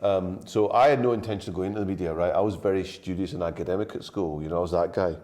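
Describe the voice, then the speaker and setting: A man in his fifties with a slightly anglified Glaswegian accent and a low, warm voice. He chats easily as a guest, telling stories and laughing often. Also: quick pace. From Scotland. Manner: chatty storyteller, laughs often. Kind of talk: casual chat.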